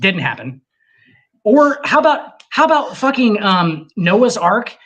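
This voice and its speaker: A man co-hosting a casual podcast, ranting with lots of profanity and animated emphasis. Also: sits high, unhurried. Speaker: podcast co-host.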